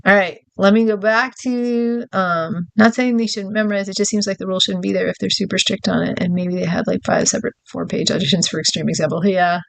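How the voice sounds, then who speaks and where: A woman's voice: mid-range voice, fairly even intonation, brisk, vocal fry, hardly any pauses, no echo. A woman from New York co-hosting a podcast, chatting casually, laughing often as she answers listener questions. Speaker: podcast co-host.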